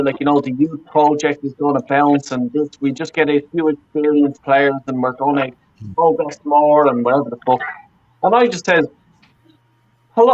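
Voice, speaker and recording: A man with a fairly high voice rants on a football fan panel, swearing and circling back over his points. The sound is dull and lo-fi, like call audio. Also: a little hiss or hum. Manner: profane, ranting, repeats himself.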